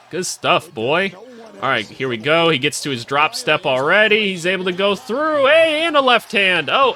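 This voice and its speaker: A man calling out basketball clips in a casual, excitable way, joking and cheering plays as he watches. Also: on the high side. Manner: excitable, jokey, voices players in asides. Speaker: basketball analyst. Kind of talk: casual video commentary over game clips.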